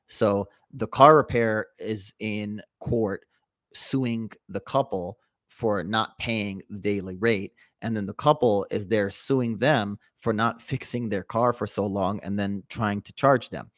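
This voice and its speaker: A young man hosting a livestream, telling a long anecdote in a calm, rambling way with fillers. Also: fairly low pitch, no echo, studio quality. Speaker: livestream host. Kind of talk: casual storytelling to a live chat.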